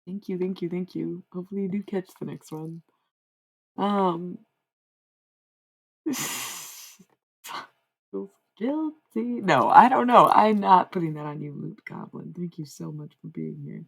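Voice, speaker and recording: Young woman rambling to her stream chat, low-ish husky voice with lots of fry, keeps getting sidetracked. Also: animated, measured pace, long pauses, rough recording. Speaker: livestreamer. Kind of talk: casual livestream chat.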